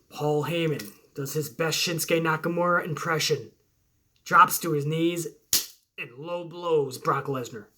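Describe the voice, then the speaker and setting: Host-type male, bright forceful voice, cursing through hype play-by-play of his dream match. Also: fairly high pitch. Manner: excited, swearing storyteller narrating moves blow by blow. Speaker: wrestling show host. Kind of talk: profane fantasy-booking play-by-play.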